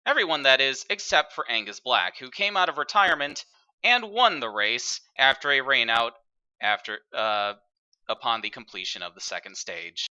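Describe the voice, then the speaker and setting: A man calls a sim race in an upbeat, broadcast-style commentary, pausing on the odd filler. His voice is very bright and forward, and his pitch sits in an ordinary middle range. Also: animated, clean tone, highs cut off. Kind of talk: play-by-play commentary.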